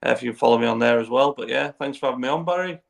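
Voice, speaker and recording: Gravelly man giving short replies. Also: mid-range voice, rapid-fire. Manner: brief, quiet replies. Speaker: guest. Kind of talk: casual chat.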